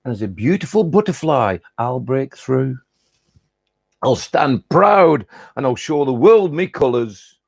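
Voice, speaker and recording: A cheeky, boastful butterfly with a broad Lancashire accent, put on by a man reciting a comic poem. The voice is creaky and husky, sits a little higher than a plain speaking voice and springs up with pride, and it is recorded close and dry. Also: big pitch swings, measured pace, no room sound, heavily acted. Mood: cheeky proud. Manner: chatty and boastful, broad northern dialect words. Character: cheeky boastful male caterpillar-turned-butterfly.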